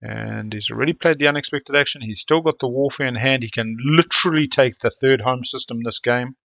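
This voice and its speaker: A man from South Africa with a South African accent, commentating live on a board game in a chatty, excitable, slangy way. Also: medium pitch, fairly quick, creaky, dry recording.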